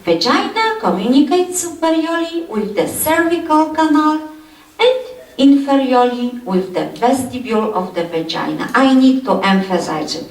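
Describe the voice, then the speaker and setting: Woman, anatomy lecturer, slow with many fillers, roomy echo. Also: a little high, big pitch swings. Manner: halting, many fillers and repeated "yes". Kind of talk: university lecture. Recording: echoey lecture hall, mic far off.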